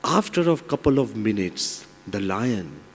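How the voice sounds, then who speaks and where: A man's voice: fairly low pitch, measured pace, a little hiss or hum. Man telling a moral story in a hall. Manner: animated storyteller. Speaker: monk giving an inspirational talk. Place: large seminar hall. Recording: long reverb in large hall.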